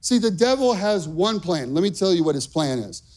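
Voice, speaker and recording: Man, pastor, high-pitched, fervent sermon, emphatic. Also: sing-song, moderate pace. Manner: impassioned, emphatic preaching with rising shouts.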